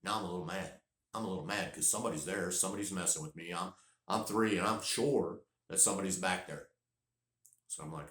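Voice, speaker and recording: A man's voice: low voice, brisk, echoey room. A man, telling a rambling, folksy story in casual vlog style. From North Carolina. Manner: folksy, rambling, repeats words when excited. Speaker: vlogger.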